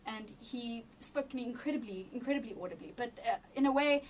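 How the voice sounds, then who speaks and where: A woman with a high voice shares a personal faith testimony, halting and restarting as emotion rises close to tears. She sits a little back from the mic, with a faint hum of room ambience behind her. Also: distant mic. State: near tears. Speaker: interview guest.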